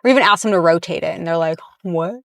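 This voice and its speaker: A woman's voice: on the low side, rapid-fire, vocal fry, fairly bright tone, no room sound, clean studio sound. A woman giving blunt, heated reaction commentary on fitness and diet, talking from inside a car.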